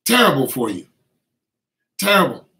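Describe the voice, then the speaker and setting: An emphatic man delivering an informal sermon. His voice sits a little above the usual male pitch. He repeats points and slips into imitations of tempting voices, with phrasing. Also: very animated, moderate pace, pushed and bright, poor audio. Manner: emphatic, repetitive, acts out tempting inner voices. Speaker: preacher.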